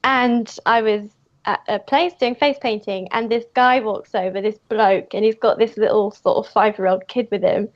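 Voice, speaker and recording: A woman's voice: mid-range voice, moderate pace. A woman, a guest comic creator, telling casual anecdotes with frequent giggles. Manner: giggly, lively storyteller. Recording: muffled lo-fi audio.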